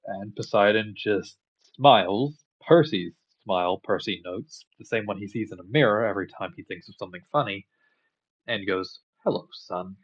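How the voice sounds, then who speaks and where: A man casually retelling a story in a relaxed, rambling way with lots of fillers. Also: on the low side, moderate pace, husky, lo-fi sound. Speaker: commentator.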